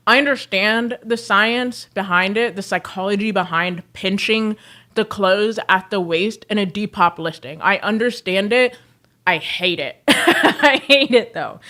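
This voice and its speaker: Woman, livestream chat, slangy, talks straight to viewers, laughs often, expressive pitch. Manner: chatty, slangy, addresses viewers directly. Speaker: livestreamer selling clothes online. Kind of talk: casual chat while working.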